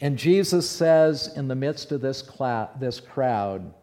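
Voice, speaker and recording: A man playing the apostle Peter in a first-person dramatic monologue, telling his story in an animated way that swings between hushed and loud. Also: medium pitch, slow pace. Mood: awed storytelling. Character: the apostle Peter, bold outspoken fisherman. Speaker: preacher in character.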